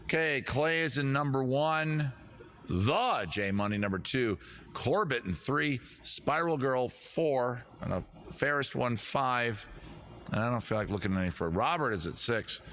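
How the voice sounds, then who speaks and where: A man's voice: medium pitch, animated, measured pace, fairly bright tone, a little hiss or hum. A man hosting a casual livestream quiz, rambling with jokey, self-deprecating asides. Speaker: comedy show host running a quiz.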